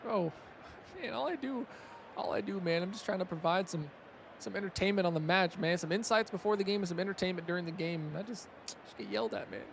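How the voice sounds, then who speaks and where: A young man giving casual play-by-play commentary on a video game match, excitable on big plays and chatting with his stream viewers. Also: high voice, brisk, a little hiss or hum. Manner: excitable, rising loud on big plays, chatty asides to chat.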